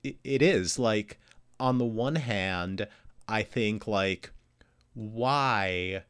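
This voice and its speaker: Smooth low-voiced man, earnest. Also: drawn-out words, fairly bright tone. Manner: earnest, thoughtful, some restarts. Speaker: podcast co-host. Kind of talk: casual chat, reflective commentary.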